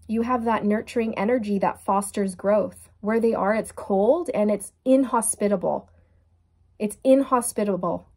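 A woman giving a casual tarot reading, speaking straight to her viewers in a gushing, excitable way. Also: mid-range voice. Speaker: tarot reader.

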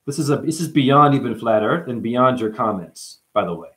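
A man's voice: mid-range voice, lively intonation, normal speed, a bit bright. A man hosting a livestream, casually reading out chat comments and joking with viewers by name. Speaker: livestream host.

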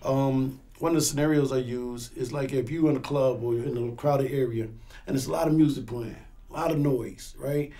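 A man with a mellow, warm voice talks through gun-safety training in a relaxed interview. He keeps the tone casual and often acts out little scenes in quoted voices. His pitch sits in an ordinary middle range. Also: normal speed. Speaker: firearms instructor and pastor.

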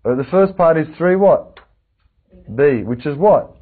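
A man in his late forties leads a class, coaxing his students with question after question. His voice is husky. The recording is thin and phone-like. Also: fairly high pitch, animated, measured pace. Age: 40s. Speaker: religious teacher. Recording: tinny lo-fi lecture recording.

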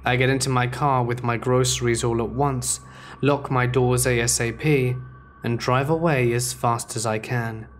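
A man narrates true scary stories in a measured, steady voice. His pitch sits in an ordinary middle range, and he reads each scene in the first person. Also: a little hiss or hum. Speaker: horror story narrator.

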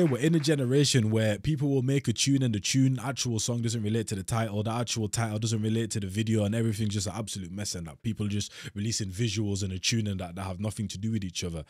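A man hosting a music reaction, talking in slangy, animated bursts of surprise. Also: on the low side, fast talker, hardly any pauses, some chatter behind. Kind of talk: excited music reaction commentary.

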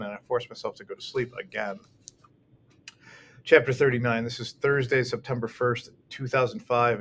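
A man's voice: mid-range voice, a bit bright, slight background noise. A man reading a first-person novel aloud as an audiobook narrator, telling it expressively with occasional restarts.

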